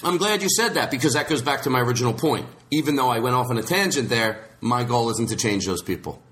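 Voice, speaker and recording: A man's voice: mid-range voice, lively intonation, fast talker, a bit bright, slight background noise. A man hosting a podcast in casual chat, rambling and restarting his sentences, slipping into voices when he quotes people. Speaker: podcast host.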